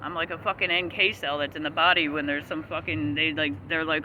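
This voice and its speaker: A man with a high-pitched voice rants in a profane, agitated, rambling way. Traffic and street noise run loudly behind him outdoors. He talks straight to the camera as a vlogger. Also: little pitch movement, brisk, hardly any pauses. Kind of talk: angry ranting monologue.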